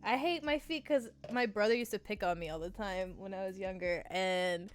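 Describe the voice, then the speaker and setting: Woman in her 30s hanging out on a stream, smooth clear voice, lots of giggling and cussing, bit of music behind. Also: medium pitch, moderate pace. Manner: laughing, swearing freely. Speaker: guest. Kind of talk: casual chat.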